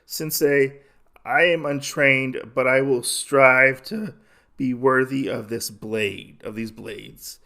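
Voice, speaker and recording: A man's voice: mid-range voice, steady tone, slow pace, gravelly, sharp tone, full character voice. A man doing an earnest young boy. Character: earnest teenage boy, humble.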